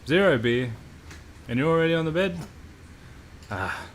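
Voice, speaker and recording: A man's voice: fairly high pitch, normal speed, a little hiss or hum. Laid-back man chatting on stream. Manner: relaxed, blunt, swears freely. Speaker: livestream host. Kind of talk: casual live-stream chat with viewers.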